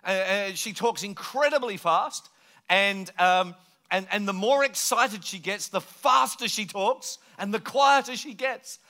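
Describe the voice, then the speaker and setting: A man's voice: sits high, unhurried, bright, forceful tone. A man from England preaching a sermon in a conversational, joking way, slipping into mimicked voices. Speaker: pastor.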